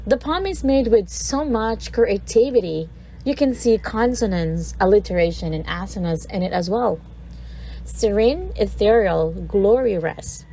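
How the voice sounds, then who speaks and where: A woman's voice: mid-range voice, animated, normal speed, mellow, a little hiss or hum, low-quality recording. A woman from the Philippines presenting a recorded literature lesson, reading a poem aloud and breaking down its sounds word by word.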